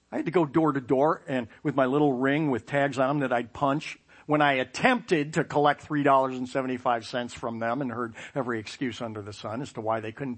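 Animated, self-mocking male storyteller. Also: medium pitch. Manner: animated, self-mocking, uses sound effects. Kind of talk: personal anecdote.

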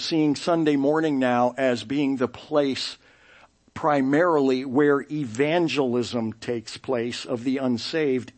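Husky animated preacher, man. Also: medium pitch. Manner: animated storytelling, acting out quoted voices with laughs. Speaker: pastor. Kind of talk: sermon.

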